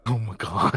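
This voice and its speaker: A man's voice: fairly high pitch, a little mellow, husky, dry recording. A man chatting as a guest on a casual stream, joking and curious, chuckling between lines. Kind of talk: casual chat.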